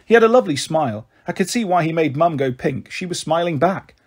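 A man with a slightly high, husky voice reads a children's novel aloud. He narrates gently and shifts his tone as he moves between characters. The delivery is steady and made for young listeners. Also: brisk. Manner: gentle, voices the characters with raised and lowered pitch. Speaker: storyteller reading aloud.

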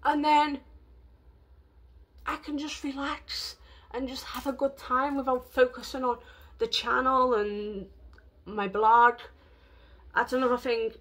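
A woman's voice: sits high, steady tone, takes it slowly, pauses often, fairly bright tone. A woman vlogging in a rambling, emotional way, with lots of fillers. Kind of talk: casual vlog talk.

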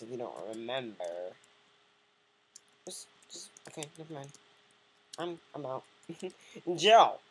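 A woman with a very low, husky voice rambles and jokes through casual game commentary. Her pitch swings up and down in lively leaps as she banters with the characters on screen. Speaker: let's play gamer.

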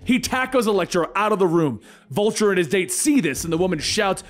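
A man narrating a comic book story in brisk recap style. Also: high voice, animated, faint music behind.

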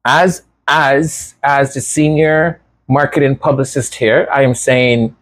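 A man's voice: mid-range voice, fairly even intonation, slow, hardly any pauses, a bit bright. A man hosting a commentary show, talking casually with sarcasm and lots of repeated words. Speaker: royal commentary host.

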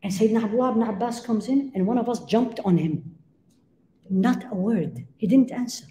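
Female lecturer, mellow tone, emphatic teaching style, echoey hall. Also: fairly high pitch, normal speed. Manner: emphatic, rhetorical questions, cites Arabic phrases. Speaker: Islamic lecturer. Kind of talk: religious lecture to a live audience. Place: lecture room with audience.

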